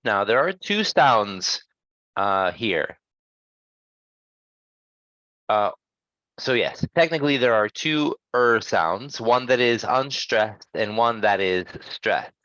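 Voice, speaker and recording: A man's voice: on the low side, animated, slow pace, fairly bright tone, no echo, highs cut off. A man teaching English pronunciation in a class, speaking patiently and checking in with his students often. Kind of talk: online pronunciation lesson.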